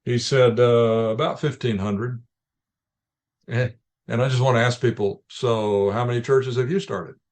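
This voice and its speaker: A man being interviewed, calmly telling field stories in measured anecdotes with frequent restarts. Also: mid-range voice. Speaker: ministry leader guest. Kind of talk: interview storytelling.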